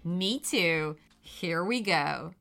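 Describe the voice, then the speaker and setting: A woman's voice: lowish voice, expressive, very slow, gravelly, fairly bright tone, faint music behind. A woman hosting a children's podcast, cheerfully reading a story aloud to young listeners.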